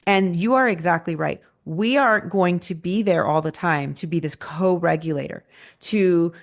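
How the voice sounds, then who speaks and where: A woman's voice: fairly low pitch, moderate pace. Chatty woman guest who keeps adding "right?". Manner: conversational, often adds "right?". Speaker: author guest. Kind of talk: casual interview talk.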